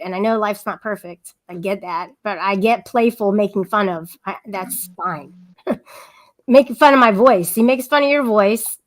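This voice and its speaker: A woman's voice: mid-range voice, animated, normal speed. A woman hosting a casual livestream chat, talking in a rambling, giggly way with frequent restarts. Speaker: livestream host.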